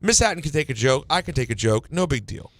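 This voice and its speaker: A man's higher-pitched voice with a New York accent, swinging up and down a lot as he banters on a sports radio show. The sound is close and dry with no room around it. He talks in an animated way and drifts into song lines. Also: quick pace, no echo.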